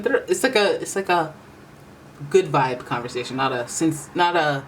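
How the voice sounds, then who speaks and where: Tarot reader chatting loosely, keeps restarting thoughts, average pitch, light background noise. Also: animated, normal speed, fairly bright tone, low-quality recording. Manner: rambling, chatty, self-correcting. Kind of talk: casual tarot reading monologue.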